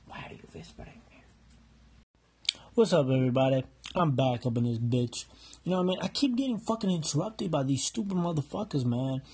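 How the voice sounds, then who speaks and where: A man's voice: fairly high pitch, lively intonation, quick pace, mellow, breathy edge. A man doing a crude, profane comedy rant as a podcaster, recorded on a phone held in hand. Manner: crude, ranting, swears constantly.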